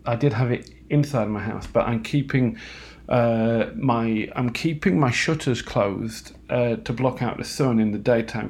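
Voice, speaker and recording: A man talking alone at home late at night, halting and self-mocking, with lots of fillers and restarts. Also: on the low side, darkish tone. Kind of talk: rambling late-night monologue.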